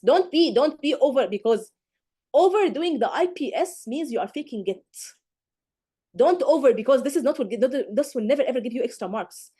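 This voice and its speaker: A woman's voice: sits high, expressive, normal speed, dark tone, husky. A woman teaching an exam prep lecture, emphatic and scolding, firing rhetorical questions and acting out her students' mistakes. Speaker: medical exam tutor. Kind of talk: live online lecture.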